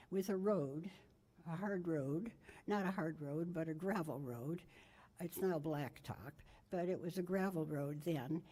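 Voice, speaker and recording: Speaking in a fairly low, mellow voice, an older woman shares family stories at a memorial. Her delivery is rambling and anecdotal, and she often corrects herself.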